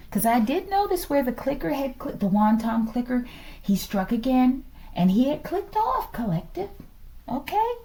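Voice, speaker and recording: Woman, tarot reader, animated, keeps asking the audience okay, slightly high, faint noise. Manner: animated, calls out "collective" and "okay?" often. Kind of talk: casual tarot reading to viewers.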